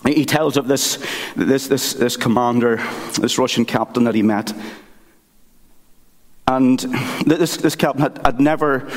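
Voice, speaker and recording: A man preaching a sermon from the pulpit, earnest and halting, often restarting his sentences. His voice sits at an ordinary middle pitch. The long reverb of a church sanctuary trails after each phrase. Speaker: pastor.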